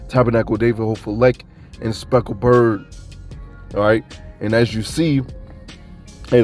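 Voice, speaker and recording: A man's voice: mid-range voice, a little mellow. A man from Kentucky giving a loose, conversational sermon with laughing asides. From Kentucky, USA. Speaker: preacher. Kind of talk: casual street-style sermon.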